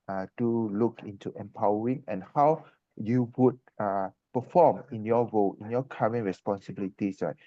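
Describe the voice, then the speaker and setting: A man delivers evaluation feedback at a club meeting, hesitating and filling pauses as he talks. His voice is low and mellow. The sound is dull and lo-fi, with a dry, close feel. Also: no echo. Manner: hesitant, filler-heavy delivery.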